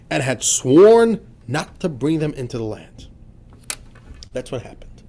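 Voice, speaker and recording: A man's voice: mid-range voice, a little mellow. A rabbi teaching a class on a religious text, chatty and informal, often asking his listeners rhetorical questions. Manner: chatty and informal, with frequent fillers like "right?" and "you know". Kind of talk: explanatory lesson on a religious text.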